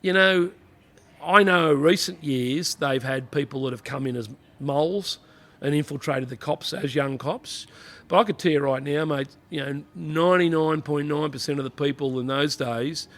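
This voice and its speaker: A middle-aged Australian man spins long, loose stories from his police days in an easygoing interview. His voice sits a bit high for a man, and his talk is blokey, circling back on itself with plenty of "you know" fillers. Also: moderate pace, fairly bright tone. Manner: blokey, rambling anecdotes with frequent "you know". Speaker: interview guest, former police officer. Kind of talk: casual storytelling interview.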